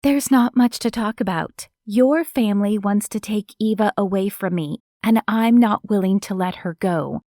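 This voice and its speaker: A woman's voice: normal speed, hardly any pauses, dark tone, dry recording, clean studio sound, lightly acted. A woman voicing an anxious, apologetic young woman who speaks hesitantly and pleads. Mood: pleading. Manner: hesitant and pleading, raised higher.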